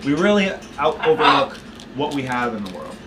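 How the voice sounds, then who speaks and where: A US vlogger in his thirties films himself at home on a handheld camera on a gimbal, rambling through a casual update with frequent restarts and chatter to his pet. His voice runs on the high side with a sing-song lilt, a little fast, amid heavy background noise.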